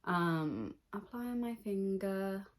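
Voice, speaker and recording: A woman's voice: medium pitch, slow. A woman beauty vlogger doing a chatty get-ready-with-me makeup talk, blunt and opinionated.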